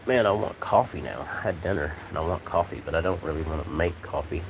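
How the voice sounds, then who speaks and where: A man chatting casually on a live stream from a porch, talking to his cats and his viewers in a relaxed, rambling way. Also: low voice, fast talker, vocal fry, poor audio. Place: outdoors on a porch in the rain. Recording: rain noise outdoors. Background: rain.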